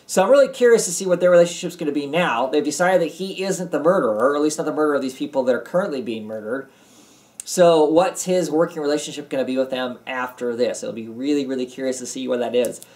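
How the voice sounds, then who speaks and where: A man's voice: on the high side, expressive, quick pace, a little mellow. A tired man giving a casual, rambling comic book review from his home basement, with many ums and restarts. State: tired, yawning.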